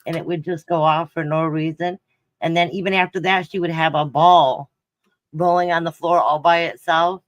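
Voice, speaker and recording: A man's voice: a little high, fairly even intonation, normal speed, no room sound. An older man calling in to tell a personal ghost story in a plainspoken way. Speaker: caller.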